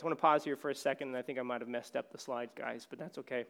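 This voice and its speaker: A man preaching a casual, conversational sermon on stage while his voice is going hoarse. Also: mid-range voice, steady tone, rapid-fire, few pauses, fairly bright tone. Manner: casual, self-deprecating, conversational preaching with many fillers. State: losing his voice. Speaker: pastor.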